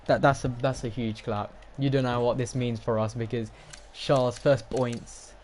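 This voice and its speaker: Brief: young male streamer, rambling and excitable, faint background hiss. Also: medium pitch, normal speed. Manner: excitable, rambling, talks to chat. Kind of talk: live game stream commentary.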